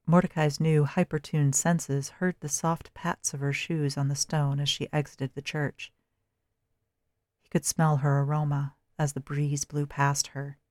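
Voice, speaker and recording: A narrator reading a dark story in a steady, measured way. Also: mid-range voice, no room sound.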